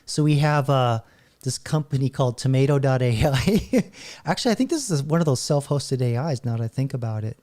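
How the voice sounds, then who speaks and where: A man's voice: mid-range voice, lively intonation, fairly quick, a little mellow. Rambling man hosting a commentary channel. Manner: rambling, stop-start, laughing often. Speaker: channel host. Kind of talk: casual commentary while browsing videos.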